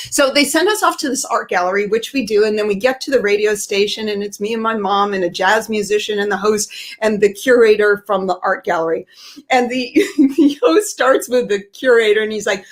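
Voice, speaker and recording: Brief: American woman, fifties, animated solo storyteller, self-mocking, a little high-pitched. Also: moderate pace. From United States. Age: 50s. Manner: chatty, self-deprecating, animated.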